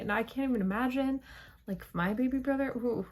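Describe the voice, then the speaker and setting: A woman's voice: on the high side, fairly quick, a little mellow. A young woman giving a chatty, playful spoiler review of a TV episode, full of dramatic asides. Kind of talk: casual spoiler review monologue.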